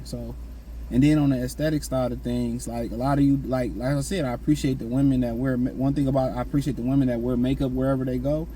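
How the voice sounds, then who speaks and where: A man's voice: mid-range voice, fairly even intonation, fast talker, mellow, slight background noise, low-quality recording. A man giving blunt, slangy dating and self-improvement advice in a casual, repetitive monologue.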